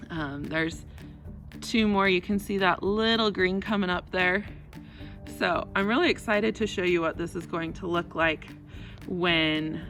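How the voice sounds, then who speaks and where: A woman teacher recording a gentle, reassuring video message for her class while outdoors in her garden. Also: on the low side. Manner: gentle, reassuring, speaks straight to children. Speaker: fourth grade teacher.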